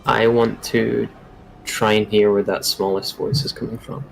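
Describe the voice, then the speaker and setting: A man's voice: lowish voice, level tone, a little slow, creaky, soft background music, poor audio. A man taking part as a player in a tabletop role-playing game, speaking casually and earnestly.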